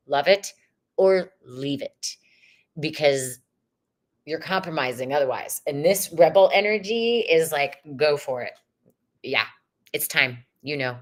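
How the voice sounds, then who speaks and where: A woman hosting a live-stream tarot reading, talking casually and swearing freely as she reads viewers' questions aloud. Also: deep voice. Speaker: tarot reader.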